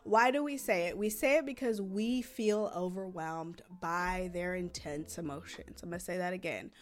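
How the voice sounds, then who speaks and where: A woman hosting a parenting podcast, talking through advice in a chatty way, often checking in with quick tag questions and acting out the things parents say. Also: lowish voice. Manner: chatty, ends points with frequent tag questions; acts out parent phrases in a raised voice. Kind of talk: conversational advice talk.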